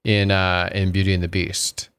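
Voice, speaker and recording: Low, smooth man in a dry close recording. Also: monotone, moderate pace, a bit bright, no room sound. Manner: stammering restarts, thinking aloud. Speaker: podcast co-host. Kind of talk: casual movie discussion.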